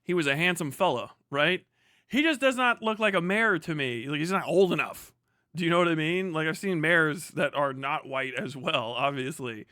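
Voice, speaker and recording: A young man with a high, bright, sharp voice rants on a live stream. He swears constantly and sounds heated and mocking. The sound is close and dry. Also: moderate pace, no room sound. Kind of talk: profane ranting commentary on a live stream.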